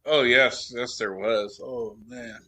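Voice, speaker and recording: A man co-hosting a podcast in relaxed, teasing casual chat. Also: medium pitch, slow, noisy background. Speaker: podcast co-host.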